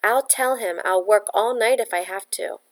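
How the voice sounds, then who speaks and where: A woman's voice: medium pitch, normal speed, close to an everyday voice. Woman reading as a frightened young girl, earnest, pleading. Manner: pleading, defensive.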